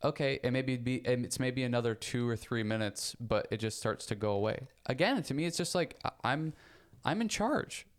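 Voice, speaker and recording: A young man co-hosting a podcast in casual chat, rambling and repeating words, getting animated when he makes a point. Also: mid-range voice, moderate pace. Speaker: podcast co-host.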